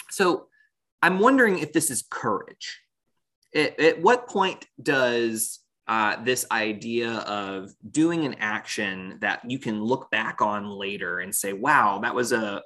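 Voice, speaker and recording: A man's voice: lowish voice, slow pace, sharp tone. A man co-hosting a casual discussion of a cartoon series, thinking aloud and laughing often. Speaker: podcast co-host.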